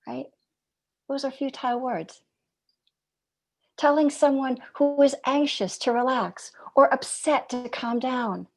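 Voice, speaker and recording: A woman giving a reflective dharma talk as a meditation teacher. She speaks gently and in a measured way, asking rhetorical questions and dropping some phrases to a near whisper. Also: a little high.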